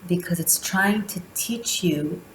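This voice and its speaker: A woman with a low voice leads a spiritual tarot reading. She talks slowly and deliberately, leaving long pauses between phrases. The room around her is echoey. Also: slight background noise. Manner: slow, deliberate delivery with drawn-out pauses. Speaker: tarot reader. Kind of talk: spiritual monthly reading, teaching.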